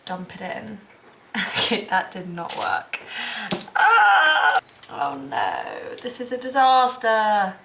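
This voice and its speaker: A young woman around twenty chats to her viewers in a casual vlog, her voice sitting at an ordinary middle pitch. She talks in an excitable, rambling way, full of fillers and quick exclamations. A faint hiss of noise sits behind her. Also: creaky. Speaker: vlogger. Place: outdoors on a walk and indoors at home.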